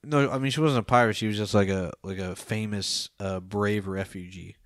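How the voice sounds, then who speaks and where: A man's voice: fairly low pitch, steady tone, moderate pace, dry recording, studio quality. A young man co-hosting a podcast, rambling through a film review with lots of fillers and casual swearing. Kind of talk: casual profane chat.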